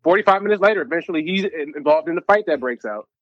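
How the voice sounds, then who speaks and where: A man's voice: fairly high pitch, lively intonation, racing, no echo. A man guesting on a podcast, telling a rambling party story in casual chat. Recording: dull lo-fi sound.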